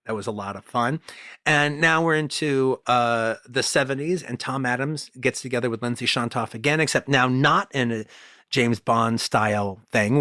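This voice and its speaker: A podcast co-host talks old movies in a casual film discussion, rambling enthusiastically and restarting a lot. His voice is medium-pitched with a sharp tone. The recording is dry and studio quality.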